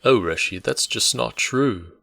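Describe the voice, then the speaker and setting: A man's voice: lowish voice, a little slow, creaky, sharp tone, no room sound, voice pushed up, exaggerated voice. A man voicing a playful young male innkeeper's assistant who talks in a lilting, teasing way. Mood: subdued.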